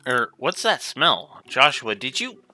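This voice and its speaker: A man's voice: mid-range voice, very animated, slow pace, bright, forceful tone, soft background music, heavily acted. A man reading the lines of a spirited teenage girl adventurer in a game, blunt and complaining. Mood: grossed out.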